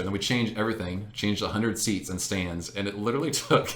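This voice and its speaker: A young man in casual chat, telling an animated story with laughs and many fillers. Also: fairly low pitch, brisk, crowd noise. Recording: echoey room.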